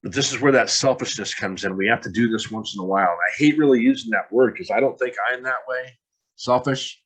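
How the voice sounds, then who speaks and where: A man's voice: medium pitch, fairly quick, a bit bright, slightly rough, rough recording. A man in his fifties giving an earnest, candid motivational talk with a self-deprecating touch. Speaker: motivational speaker.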